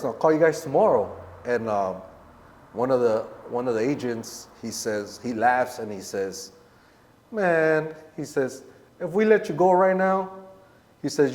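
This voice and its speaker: A man's voice: mid-range voice, darkish tone. Laid-back man telling a story, echoey room. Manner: laid-back street slang, acts out the quoted voices. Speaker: podcast guest. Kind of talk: casual storytelling in an interview.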